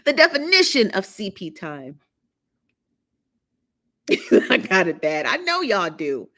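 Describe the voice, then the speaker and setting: A woman's voice: medium pitch, sing-song, slow, pauses often, fairly bright tone. Woman, livestream host, casual chat, teasing, AAVE, mid-range voice. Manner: chatty, laughing, teasing the chat. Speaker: live show host.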